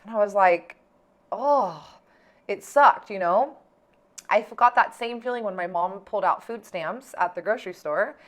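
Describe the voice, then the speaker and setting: A young adult woman talking straight to her viewers in a loose, personal vlog. She leans constantly on "like" and drops curse words without a second thought. Her tone is casual storytelling, middle-pitched and conversational. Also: moderate pace. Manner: chatty, heavy use of "like", swears freely. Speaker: vlogger.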